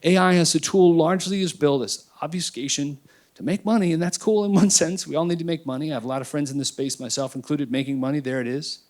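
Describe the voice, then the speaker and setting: A man speaking on a panel, emphatic and emotional, swinging between loud declarations and quiet asides. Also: fairly high pitch, quick pace. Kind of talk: impassioned panel talk.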